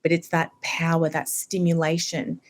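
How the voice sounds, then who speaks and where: A woman, a homeopath guest on a podcast, telling personal stories in a lively, casual way full of "you know" and "like". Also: deep voice, moderate pace. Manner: animated storytelling, many fillers like "you know".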